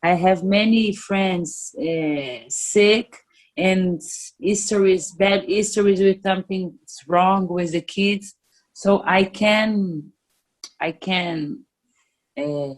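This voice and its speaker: Slow, halting woman. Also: on the low side, steady tone. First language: Portuguese. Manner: searching for English words, halting and frank. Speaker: musician interviewee. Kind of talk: casual interview.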